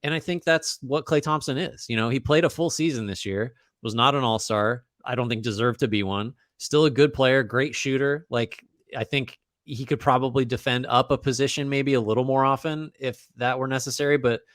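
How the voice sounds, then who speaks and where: A man's voice: medium pitch, moderate pace, a bit bright, no room sound, studio quality. A man co-hosting a casual basketball podcast, thinking aloud with frequent restarts and fillers. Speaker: podcast co-host. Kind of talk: casual basketball analysis chat.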